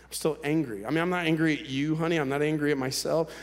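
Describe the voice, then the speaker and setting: A male pastor telling a personal story in a sermon, candid and conversational, with halting restarts. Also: fairly high pitch, fairly even intonation. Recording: long hall reverb.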